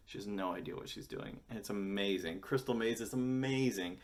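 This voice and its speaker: A man's voice: lowish voice, fairly quick, hardly any pauses. An American man in his thirties chatting casually to camera, rambling and enthusiastic, swearing freely. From United States. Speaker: vlogger.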